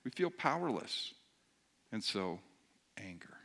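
A man preaching in a lively, conversational way, then praying quietly. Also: fairly low pitch, takes it slowly, gravelly, breathy edge. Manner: animated and conversational, rising loud when preaching. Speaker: pastor. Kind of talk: sermon then quiet prayer.

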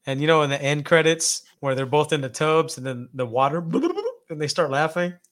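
Podcast co-host, male, slightly higher pitch, crude and quick to laugh. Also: sing-song, crowd noise. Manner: profane, laughs loudly. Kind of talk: casual chat.

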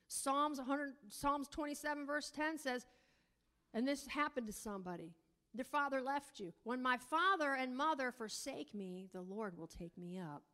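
A woman teaching a sermon on God as father, preaching emphatically and drawing out key words slowly, sometimes breaking into tongues. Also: high voice, animated. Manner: emphatic preaching, rising to near-shouting; speaks in tongues at times. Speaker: prayer teacher.

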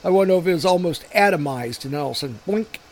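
Rambling podcast dude, voice a bit high, swears a lot, faint room hum behind. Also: male voice, animated, rapid-fire. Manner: rambling, swears, quotes movie lines in funny voices. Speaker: podcast co-host. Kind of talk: casual banter.

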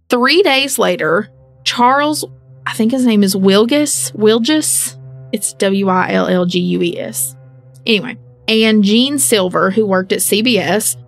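Female podcast co-host, casual true-crime storyteller, mid pitch, faint music bed. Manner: reads case details, then jokes and acts out people with playful asides.

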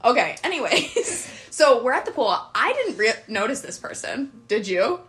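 A woman's voice: a little high, very animated, moderate pace, fairly bright tone. A woman in her twenties co-hosting a podcast, telling stories in casual chat, full of "like"s and giggly asides. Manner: chatty, many "like"s, giggly asides. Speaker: podcast co-host.

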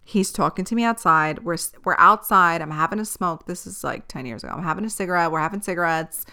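A woman's voice: lowish voice, fast, clean tone. A woman hosting a podcast, telling a personal story casually, with lots of swearing and laughter. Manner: animated, profane, laughs often. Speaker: podcast host.

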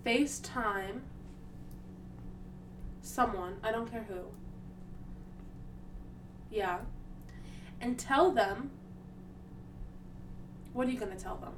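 A woman's voice: on the high side, takes it slowly, long pauses, noisy background. A young woman co-hosting a podcast in casual chat, giggly and flustered, protesting with laughs. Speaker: podcast co-host.

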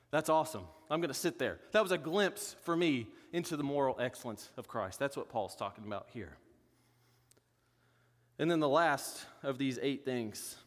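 A man's voice: on the high side, big-room sound. A man pastor preaching a sermon in a conversational way, with joking asides.

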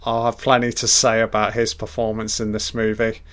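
A man's voice: on the low side, monotone, normal speed, fairly bright tone. A man giving a casual, profane, enthusiastic audio commentary over a film.

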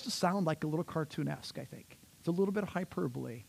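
A male pastor preaching a sermon, conversational and animated, talking straight to the congregation and slipping into playful voices. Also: fairly high pitch, brisk, creaky, hardly any pauses, breathy edge. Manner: conversational, addresses the congregation directly.

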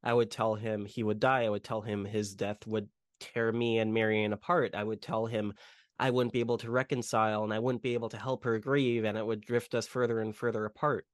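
A man's voice: on the low side, level tone, brisk, no room sound, studio quality. A man casually retelling film scenes on a podcast, rambling with lots of fillers. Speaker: podcast host. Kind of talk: casual movie podcast chat.

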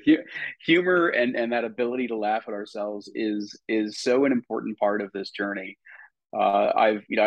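Male coach, reflective, husky low voice, dry close sound, laughs easily. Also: dry recording, lo-fi sound. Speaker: guest, personal coach. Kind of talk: conversational interview.

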